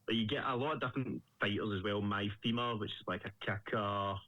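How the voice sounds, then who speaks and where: Young Scottish fighter, animated casual talker, lo-fi sound. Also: male voice, lowish voice, a little fast, no room sound. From Scotland. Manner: animated storyteller, swears freely. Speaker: Muay Thai fighter, guest. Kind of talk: casual interview chat.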